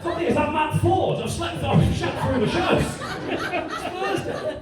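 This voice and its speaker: Guy doing stand-up, animated storytelling, really boomy club sound, loud crowd laughing. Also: moderate pace, loud music behind the voice. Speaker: stand-up comedian. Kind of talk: stand-up comedy set. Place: comedy club stage. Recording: echoey club, from far off. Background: audience laughter.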